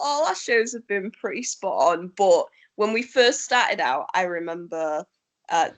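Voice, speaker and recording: Woman rock musician, slightly low voice, relaxed and chatty interview guest who laughs often. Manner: easygoing, chatty, laughs often, many ums. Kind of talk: casual interview chat.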